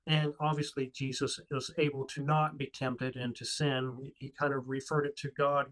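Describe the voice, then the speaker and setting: A man's voice: a little high, fairly even intonation, moderate pace, hardly any pauses, a bit bright, low-quality recording. A man co-hosting a casual podcast discussion, speaking earnestly and with emphasis. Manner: earnest, emphatic about faith. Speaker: co-host.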